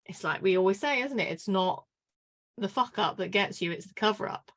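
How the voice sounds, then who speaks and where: Podcast co-host, woman, mid-pitched voice, wry and opinionated in casual chat. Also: expressive, fairly quick, a bit bright.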